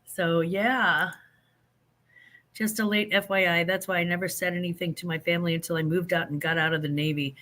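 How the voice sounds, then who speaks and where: A man hosting a casual livestream, chatting animatedly with viewers and reading out their comments. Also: high voice. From Saint Louis. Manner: animated, chatty, drawn-out emphatic phrases. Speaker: livestream host.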